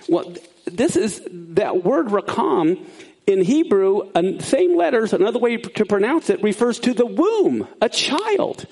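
A man teaches a sermon, explaining Bible words with animation, his voice swinging up high for emphasis. He keeps a moderate pace and has some vocal fry.

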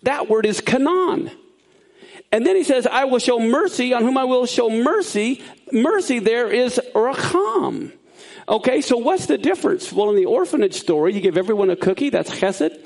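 A man teaching a sermon, explaining Bible words in an animated way that swings up high for emphasis. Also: moderate pace, vocal fry.

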